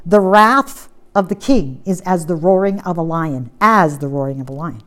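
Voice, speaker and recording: A woman preaching a sermon, reading scripture aloud and pressing points with strong stress that drops to quiet, steady lines. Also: fairly low pitch, normal speed, hardly any pauses. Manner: emphatic, swings from loud stress to quiet.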